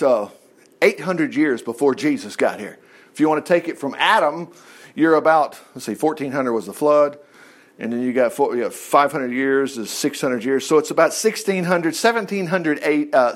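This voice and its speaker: A man teaching from the Bible in a chatty, folksy way, breaking off into asides and laughing at his own stories. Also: fairly high pitch. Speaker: preacher.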